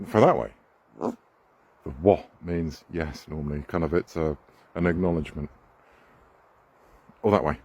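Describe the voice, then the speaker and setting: A man's voice: extremely low pitch, measured pace, pauses often, darkish tone, slightly rough, no echo. A man outdoors on a walk, playfully coaxing and chatting with his pet raven. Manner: coaxing, playful, talks to the bird.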